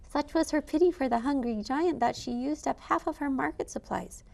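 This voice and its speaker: Woman reading a kids story out loud, expressive, kinda high voice. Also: moderate pace, gravelly. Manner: expressive, animated read-aloud. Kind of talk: reading a picture book aloud.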